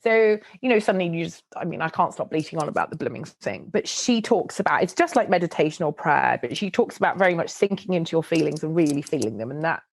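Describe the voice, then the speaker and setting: A middle-aged woman, telling stories as a podcast guest in an animated, chatty way. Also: low-pitched, quick pace, creaky, few pauses. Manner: animated, chatty storytelling with frequent laughs. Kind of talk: casual interview chat.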